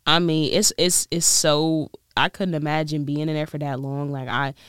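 A woman's voice: sits low, level tone, normal speed, smooth, no room sound, studio quality. A woman vlogger chatting casually and rambling, laughing often and trying out a weak British accent. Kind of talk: casual chat.

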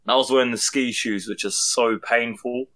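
Young man telling an animated story. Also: mid-range voice, moderate pace. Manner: animated, swearing, laughing through the story. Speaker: podcast co-host. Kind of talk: casual storytelling among friends.

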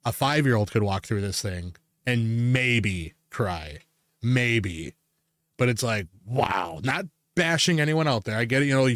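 Man, podcast host, casual rambling stories, swears a lot, laughs often, mid pitch, dry sound. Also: no echo. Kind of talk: casual chat.

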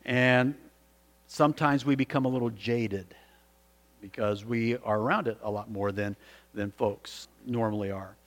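A man's voice: mid-range voice, measured pace. Man, pastor, sermon, earnest storytelling, restarts, long reverb.

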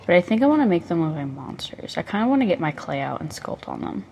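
A woman's voice: on the low side, sing-song, fast talker, creaky, warm tone, slight background noise. A young woman chatting casually in a crafting vlog while painting on her bed, rambling, profane and self-mocking, close to the mic. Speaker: vlogger.

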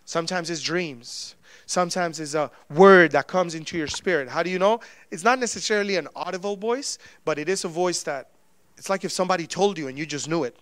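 A man preaching with a high, bright voice, telling stories and voicing each person in them with big swings in loudness. The sound is close and dry, with almost no room around it. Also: brisk, no room sound. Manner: animated storytelling, acting out quoted dialogue. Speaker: pastor. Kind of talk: sermon.

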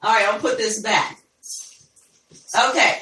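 Chatty woman host, unhurried and bright, recorded at a distance in an echoey room. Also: medium pitch, fairly even intonation, a little hiss or hum. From Ohio, USA. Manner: chatty, addresses listeners as y'all, laughs easily. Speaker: podcast host. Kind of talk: casual live podcast chat.

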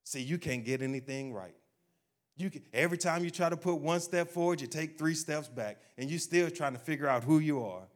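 A man preaching a sermon, speaking directly to his congregation and acting out people's doubts in a low, quiet voice. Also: a little fast. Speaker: pastor.

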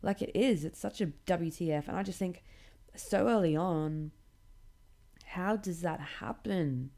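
A woman's voice: lowish voice, unhurried. A young woman hosting a podcast, ranting casually with lots of swearing, filler "like"s and sarcasm. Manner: swears a lot, many likes, animated and sarcastic. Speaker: podcast host.

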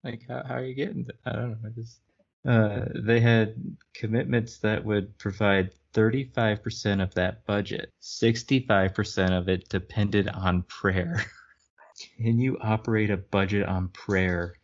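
A man with a very low, gravelly voice co-hosts a casual podcast, reading passages aloud and breaking off to poke fun at them. The recording sounds a little muffled and lo-fi. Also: fairly even intonation, a little slow. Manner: wry, laughs at the text. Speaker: podcast co-host.

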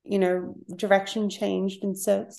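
Gravelly-voiced woman, open and reflective. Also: mid-range voice, little pitch movement, unhurried, dark tone. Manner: open and reflective, light laughs, trailing phrases. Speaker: podcast guest, creative business owner. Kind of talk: casual interview chat.

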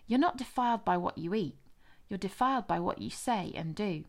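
Jesus: earnest, authoritative male teacher, voiced by the female narrator, firm and steady. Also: mid-range voice, brisk.

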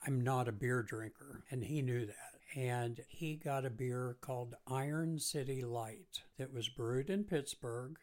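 A man with a mid-range voice co-hosts a podcast and tells easygoing family stories. His delivery is conversational and unhurried. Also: mid-range voice. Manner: relaxed, anecdotal. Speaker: podcast co-host. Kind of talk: casual chat.

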